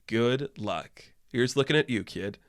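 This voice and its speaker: A man's voice: mid-range voice, lively intonation, a little slow, no echo. A young man hosting a podcast, ranting in a casual, profane, exasperated way, recorded on a close mic. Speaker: podcast host.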